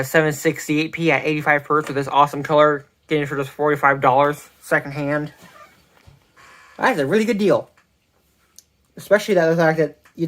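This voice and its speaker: A mid-range voice belongs to a tech reviewer who rambles haltingly through a casual product review, constantly restarting and correcting himself. It was captured with a phone mic.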